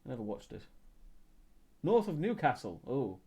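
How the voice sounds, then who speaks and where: A Welsh man streaming from home, chatting casually and answering his viewers one by one. His pitch rises and falls a lot, and he corrects himself and adds wry little asides. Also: very animated, normal speed, warm tone, breathy edge. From Wales. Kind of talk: casual chat reading live chat.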